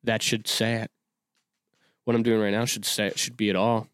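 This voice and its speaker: A man in his twenties hosts a solo podcast, rambling casually with lots of restarts and fillers. His voice sits on the low side with a level tone, moderate pace, and a slightly bright, clean sound, recorded in a studio with no echo.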